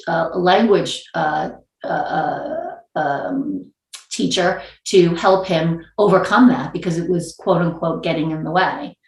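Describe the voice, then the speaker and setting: A woman's voice: fairly low pitch, echoey room. A woman from New York with a New York accent, speaking as a panelist in a video-call panel discussion, thoughtful and wordy with many restarts.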